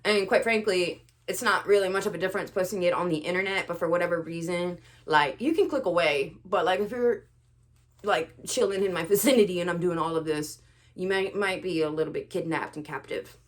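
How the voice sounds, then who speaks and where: A young woman ranting to the camera in a vlog, sarcastic and animated, swinging between loud outbursts and quiet asides. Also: lowish voice, brisk. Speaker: vlogger.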